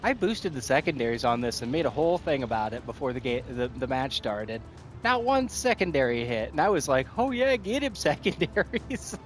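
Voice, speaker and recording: A man giving excited, casual commentary over his own gameplay, out of breath, laughing often and talking to himself as the action swings. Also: mid-range voice, fairly quick, soft background music. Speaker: gaming streamer.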